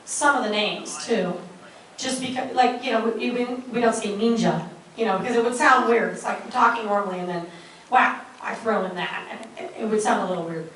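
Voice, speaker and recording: This is a woman voice actor chatting on a convention panel, rambling and giggling as she talks. Her voice sits fairly high. It is picked up from far away in a very echoey hall with faint noise behind her. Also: a little fast, a bit bright. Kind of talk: casual panel talk.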